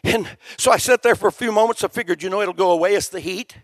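A male preacher giving a sermon testimony, telling his story in a folksy way that rises to shouting. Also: high voice, quick pace, no echo.

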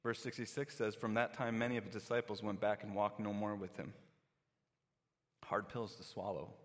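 A male preacher gives a sermon in a relaxed, talky style, slipping into little acted-out voices of the crowd. His voice sits a bit low, and a long hall reverb trails after his words. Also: normal speed. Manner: conversational, acts out quoted listeners.

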